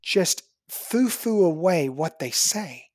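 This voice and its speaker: Breathy, animated woman telling stories. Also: fairly low pitch, slow, dry recording, studio quality. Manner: animated storyteller, acts out quoted dialogue. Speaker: dentist, podcast guest. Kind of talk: casual conversation, storytelling.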